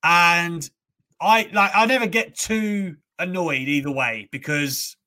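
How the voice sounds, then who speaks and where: A young man hosting a casual wrestling talk show, animated, ranting and swearing freely. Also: sits high, slow pace. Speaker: host.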